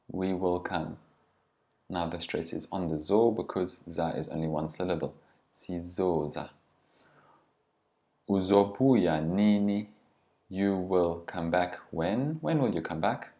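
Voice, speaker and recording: A man's voice: low voice, a little mellow. A man teaching a language lesson, saying each word carefully and then giving its meaning. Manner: deliberate, pronounces each word then glosses it.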